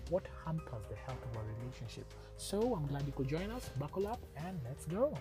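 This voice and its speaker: A man hosting a teaching series on relationships, telling stories in a lively, animated way and often laughing. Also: fairly high pitch, fairly quick, over music, poor audio. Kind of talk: casual teaching talk.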